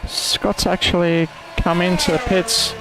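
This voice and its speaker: A man with a high, fairly even voice calls a sim race live, running through the corners lap by lap and tracking gaps and penalties. He jokes about his bad Italian pronunciation. A faint hiss of noise sits under his voice. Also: measured pace, gravelly. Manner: narrates corners with self-mocking attempts at an Italian accent. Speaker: race commentator. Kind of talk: sim racing commentary.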